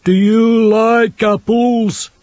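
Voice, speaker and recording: A man voicing a huge, slow, simple-minded male thug who talks in a childish sing-song. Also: sits high, flat delivery, darkish tone, no echo, pitched above the performer's own voice. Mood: menacing teasing. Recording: dull, lo-fi audiobook recording.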